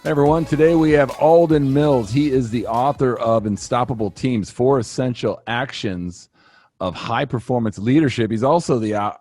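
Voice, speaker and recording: A man from Massachusetts hosting a podcast, introducing his guest and asking questions in a measured way. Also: medium pitch, a little mellow, soft background music. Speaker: podcast host. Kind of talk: interview introduction.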